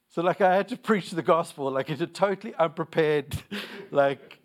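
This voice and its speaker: A man's voice: a little high, normal speed. A young man preaching a sermon, repeating lines for emphasis and telling stories with laughter.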